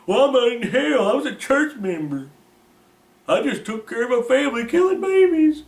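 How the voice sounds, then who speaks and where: A man putting on the voice of a panicked man pleading and protesting in hell, raised high and shrill. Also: sing-song, moderate pace, exaggerated voice. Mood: whining. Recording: roomy, distant mic.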